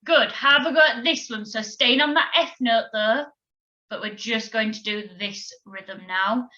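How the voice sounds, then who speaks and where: A woman teaching a recorded children's music lesson, giving clear, encouraging instructions and counting beats aloud. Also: fairly high pitch, a little slow, pushed and bright, lo-fi sound. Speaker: primary school music teacher.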